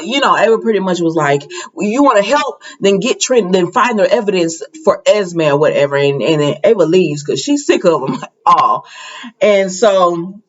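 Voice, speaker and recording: A woman's voice: medium pitch, lo-fi sound. A woman casually recapping a soap opera episode, chatting and acting out the characters' lines in a raised voice.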